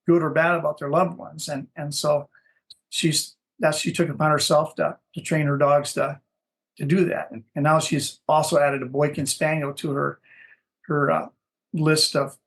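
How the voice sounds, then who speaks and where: Speaking on the high side, a Minnesota dog breeder rambles through stories in a relaxed interview. He keeps repeating words as he searches for the right thing to say.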